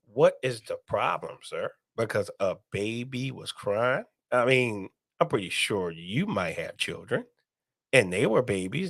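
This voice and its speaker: A man's voice: mid-range voice, a bit bright, no echo, studio quality. A man hosting a casual live stream, talking to viewers and reading their comments aloud, repeating himself often. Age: adult, parent.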